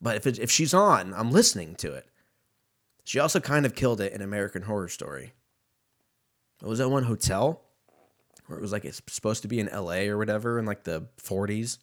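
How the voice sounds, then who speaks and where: A man's voice: lowish voice, expressive, a little fast. A man rambling in a casual, profane solo monologue, laughing often and drifting between topics.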